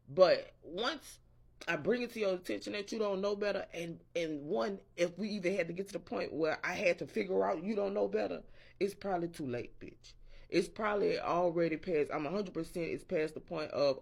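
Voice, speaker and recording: A man's voice: high voice, lively intonation, moderate pace, gravelly. A man in a casual morning-rant vlog, rambling and profane and interrupting himself as he talks. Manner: quotes imagined people in a raised voice. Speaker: vlogger.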